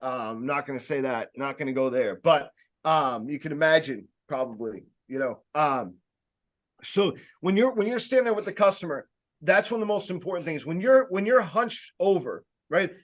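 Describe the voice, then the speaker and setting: A man giving a casual sales training talk, speaking loudly and emphatically, with rambling jokey asides and plenty of fillers. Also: fairly high pitch, expressive, moderate pace. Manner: loud, emphatic, projecting voice.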